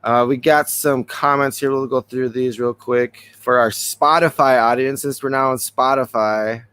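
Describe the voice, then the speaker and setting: A man's voice: mid-range voice, steady tone, moderate pace, a bit bright, clear, resonant tone. Resonant-voiced man hosting a chatty podcast. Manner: loose, rambling, chuckles often. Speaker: podcast host. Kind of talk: casual podcast chat.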